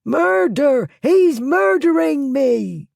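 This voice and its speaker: A narrator voicing a desperate, grubby male thief who shrieks his protests in a shrill, strained voice. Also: sing-song, unhurried, vocal fry, dark tone, dry recording, clean studio sound, exaggerated voice. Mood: panicked shrieking. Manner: screaming protests.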